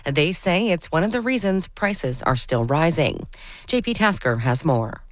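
A woman reading the news on radio in a measured, crisp newscast delivery. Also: deep voice, very animated, no echo. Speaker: newsreader.

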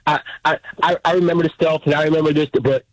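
A man's voice: on the high side, flat delivery, fast talker, no room sound, poor audio. A man in his fifties, a military veteran phoning in to a radio show, telling a story earnestly and close to tears. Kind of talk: phone-in storytelling.

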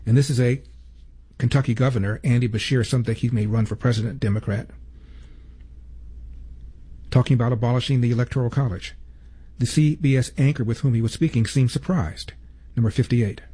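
A man hosting a talk show, delivering deliberate, emphatic commentary between clips. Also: medium pitch, steady tone, mellow, husky.

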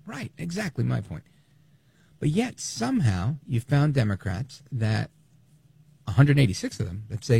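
A man's voice: mid-range voice, a little slow, creaky, breathy edge, no echo. A man hosting a talk radio show, delivering an opinionated monologue with sarcasm and mocking quotes. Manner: animated, sarcastic, mimics others in quotes.

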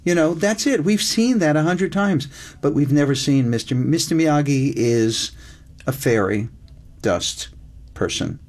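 A man's voice: a little high, animated, a little slow, darkish tone. An older man, a screenwriter guest in a casual interview, talking reflectively and drawing out words for emphasis.

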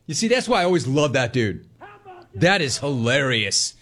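A man's voice: mid-range voice, sing-song, normal speed, very noisy. A man hosting a sports talk show, reacting to callers and news in a sarcastic, mocking way and laughing often.

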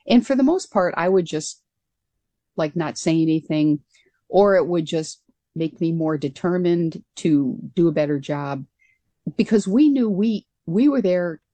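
Woman, interview guest, earnest conversational storytelling, warm tone, dry close sound. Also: on the low side, lively intonation, unhurried, no echo. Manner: earnest and determined, with frequent restarts. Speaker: interview guest, former pilot.

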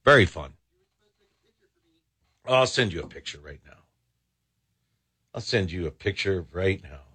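A man's voice: low-pitched, animated, measured pace, pushed and bright, slightly rough. A man hosting a talk radio show, rambling and exasperated, with many false starts. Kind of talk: casual talk radio commentary.

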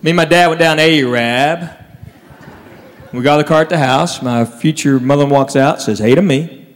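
A man doing a stand-up comedy set, telling stories with animated delivery and quiet low asides. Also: normal speed. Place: stage in a large hall. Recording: live hall, faint crowd. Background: faint audience and room noise.

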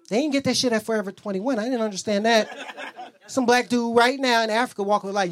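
A man's voice: very high voice, fast talker. A man doing a loose, rambling stand-up comedy set on a club stage, acting out bits.

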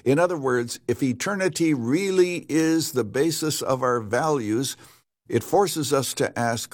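An older man, a pastor, answering an announcer's question in a radio studio, earnest and measured. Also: mid-range voice, no echo. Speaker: pastor and radio Bible teacher.

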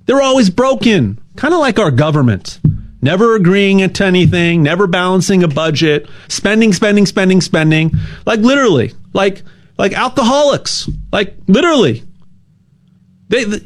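Guy rambling thru a gold pitch, bit high voice, keeps tripping on words. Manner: rambling, repeats words, jokey asides. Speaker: gold sales ad host. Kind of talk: casual sales pitch.

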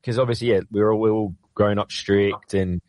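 A man co-hosting a radio interview, adding relaxed comments and questions. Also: fairly low pitch, normal speed, no echo. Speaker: radio co-host. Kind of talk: casual interview chat.

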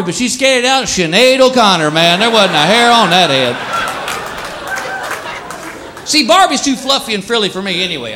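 A man doing stand-up comedy, animated and slipping into quick voices for his bits. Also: high voice. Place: live comedy venue with laughing audience. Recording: live stage recording with crowd noise.

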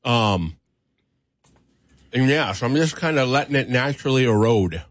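A man's voice: medium pitch, lively intonation, moderate pace, no room sound. Easygoing male radio morning host. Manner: easygoing, chatty, laughs often. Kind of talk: casual radio chat, taste-testing candy. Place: radio studio. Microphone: studio microphone.

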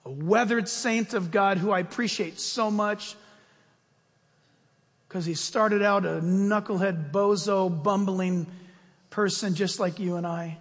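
A man preaching a sermon as pastor, telling stories in an animated way and swinging between loud and soft. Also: sits high, takes it slowly. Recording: long reverb of a large hall.

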